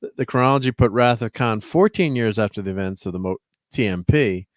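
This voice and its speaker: Guy on a stream reading off notes, low voice, dry close mic. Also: no echo. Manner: reads notes aloud, measured. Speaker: co-host. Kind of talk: casual livestream chat.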